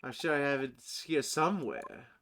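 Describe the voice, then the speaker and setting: A man's voice: mid-range voice, huge pitch swings, moderate pace, a bit bright, slight background noise, voice pushed down. A man reading as a prison governor. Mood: gruff. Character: older male prison governor, gruff and friendly.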